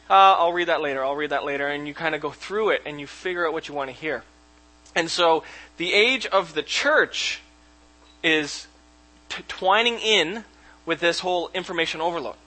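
Bright-voiced pastor, chatty sermon. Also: male voice, a little high, poor audio. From Canada. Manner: chatty and informal, chuckles and restarts often. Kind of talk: conversational sermon. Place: church sanctuary.

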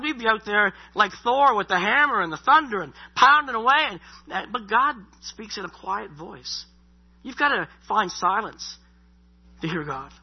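A middle-aged male pastor preaches in an easy, conversational manner, stumbling and repeating words as he goes. His voice is husky and sits a little high. The recording sounds dull and lo-fi. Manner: conversational, repeats words, many you-knows. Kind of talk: sermon.

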